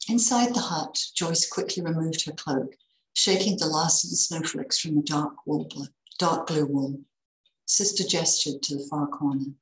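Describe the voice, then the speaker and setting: A woman reading a Christmas story aloud in a measured, expressive way. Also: sits low, echoey room, low-quality recording.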